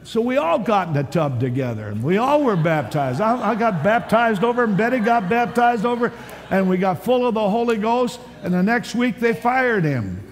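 Pastor guy preaching, kinda high voice, gets loud then real quiet, big echoey church hall. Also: normal speed. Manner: animated storytelling preacher, swings from loud to hushed. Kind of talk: sermon. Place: large church hall at a conference. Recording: long hall reverb, faint background hiss.

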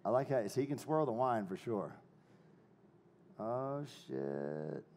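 A man's voice: mid-range voice, fairly quick, darkish tone, slightly rough. A man giving a live cooking demo to a crowd, brash and joking, swearing freely and hyping people up.

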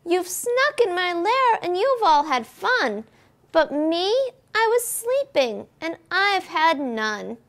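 A woman's voice: very high-pitched, sing-song, slow pace, fairly bright tone, voice pushed up, full character voice. A woman voicing a grumpy, sleepless male bear in a storybook reading, with a whiny, complaining manner. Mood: sulky.

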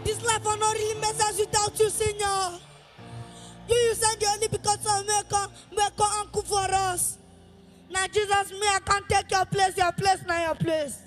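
A woman with a Nigerian accent leading chanted praise worship at a church service, with fervent, half-sung lines, often shouted, calling on the congregation to repeat after her. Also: very high-pitched, little pitch movement, normal speed, music in the background. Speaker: worship leader.

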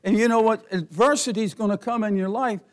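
A middle-aged man preaching a sermon as pastor, folksy and given to chuckles, rising to near-shouting as he presses his points. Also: sits high, brisk. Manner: folksy, laughs often, builds to near-shouting.

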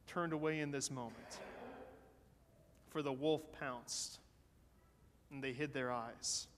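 Pastor guy telling a story slow and animated, voice on the higher side, big church echo. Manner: animated storyteller voicing characters. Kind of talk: sermon storytelling. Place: church sanctuary. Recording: long church hall reverb.

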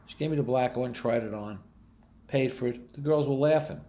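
A man speaks in a heavy North Jersey accent, blunt and matter-of-fact, his voice sitting at an ordinary middle pitch. He tells casual stories outdoors, with faint street ambience behind him. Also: a little fast, gravelly, warm tone, slight background noise. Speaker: vlogger. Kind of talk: casual storytelling monologue.

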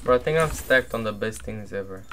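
A young man giving casual, low-key commentary while livestreaming a game, now and then flaring up at opponents. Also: lively intonation, brisk, a little hiss or hum. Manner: laid-back and low-key, flares up loud and angry at opponents. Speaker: streamer.

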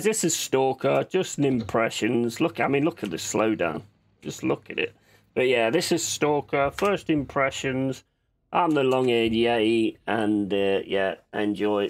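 At a measured pace and with an expressive, mid-range voice, a man offers casual commentary while gaming on his own channel. He's talkative and sweary and laughs readily.

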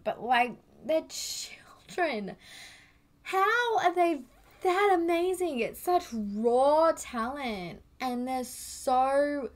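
A young woman with a voice on the high side reacts to a music video in a casual vlog. She gushes excitedly, repeats herself often and swears casually.

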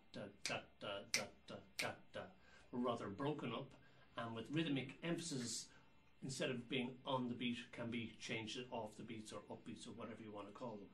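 A man's voice: mid-range voice, brisk, slight background noise, low-quality recording. A man teaching jazz rhythm, explaining patiently and counting beats and scatting rhythms aloud. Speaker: drum teacher. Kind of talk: instructional explanation.

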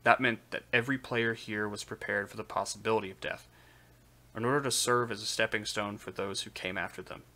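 Brief: man, lowish bright voice, live-stream novel reader, steady narration. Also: a little fast. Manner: steady narration with occasional slips. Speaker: streamer reading aloud. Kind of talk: live reading of a light novel.

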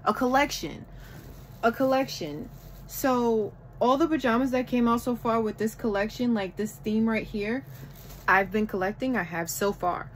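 A woman vlogging a shopping haul from home in casual chat, gushing and excitable over each item. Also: fairly high pitch, moderate pace, a little hiss or hum, low-quality recording. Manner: gushing, excitable, repeats "oh my goodness".

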